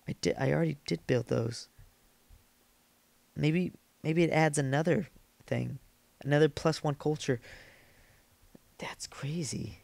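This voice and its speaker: Guy talking over his strategy game, kinda gravelly, rambly and joking at himself, dry mic. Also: mid-range voice, no room sound. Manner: rambling, self-mocking, thinks aloud. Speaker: let's play gamer. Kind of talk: casual game commentary.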